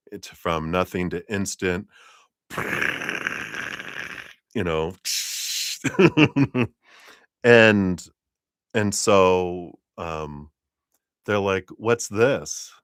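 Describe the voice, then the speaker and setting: Tarot streamer, man, deep unhurried delivery, rambling with lots of ums and chuckles. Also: fairly bright tone, smooth, no room sound, clean studio sound. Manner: rambling, hesitant storytelling with many fillers and laughs. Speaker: tarot reader. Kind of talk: live-streamed tarot reading.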